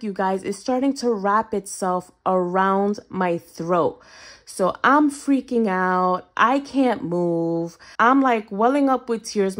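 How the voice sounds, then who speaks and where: A young adult woman vlogger telling a personal story to her viewers in a casual, animated way, often addressing them as "you guys". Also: medium pitch. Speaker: budgeting vlogger.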